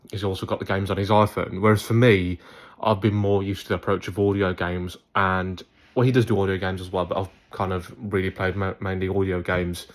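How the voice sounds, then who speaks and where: A young man telling a rambling, chatty story to his viewers in a casual vlog. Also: low-pitched. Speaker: YouTuber.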